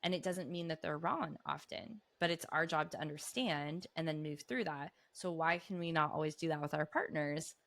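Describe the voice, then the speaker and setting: A woman's voice: deep voice, normal speed, creaky, hardly any pauses, a bit bright. A woman hosting a podcast interview, a parent asking chatty, open questions. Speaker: podcast host.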